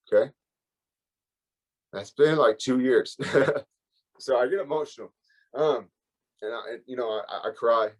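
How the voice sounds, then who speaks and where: A man speaks at a recovery workshop, sharing his own story openly. His voice sits a little low, and he talks in a loose, rambling way with plenty of fillers. The feeling stays close to the surface. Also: a little mellow, poor audio. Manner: candid, emotional, rambling with fillers. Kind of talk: personal recovery share.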